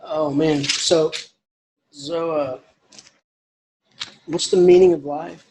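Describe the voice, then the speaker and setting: A man's voice: on the high side, fairly even intonation, slow, a little mellow, a little hiss or hum. A man giving a casual, rambling literature lecture with emphatic asides.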